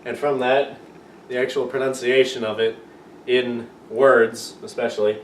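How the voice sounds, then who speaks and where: A man's voice: medium pitch, level tone, measured pace. Joking young man teaching from far back. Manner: rambling, self-mocking, playful. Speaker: amateur video teacher. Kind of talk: casual joking lesson. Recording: roomy echo, far from the mic, faint room noise.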